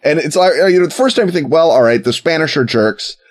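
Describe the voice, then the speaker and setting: A man's voice: on the high side, lively intonation, brisk. A man co-hosting a podcast, telling a history story in a sarcastic, jokey way and putting on mock voices for the people in it. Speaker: podcast co-host. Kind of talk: casual comedic history chat.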